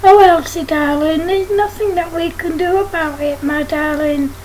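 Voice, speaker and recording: A woman's voice: very high-pitched, steady tone, normal speed, darkish tone, slight background noise, rough recording. A woman voicing a loving mother who soothes her crying child in a storybook. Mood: soothing. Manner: soothing, affectionate.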